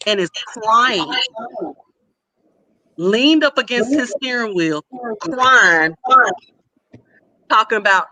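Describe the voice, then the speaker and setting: Bright, animated woman telling a story. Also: medium pitch. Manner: animated, acts out quoted voices; blunt and comic. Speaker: podcast co-host. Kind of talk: casual storytelling chat.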